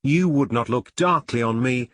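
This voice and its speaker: A man voicing a terrified young woman who begs slowly for mercy, for an audiobook of an old novel. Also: medium pitch, a bit bright, dry recording, studio quality, lightly acted. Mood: terrified pleading.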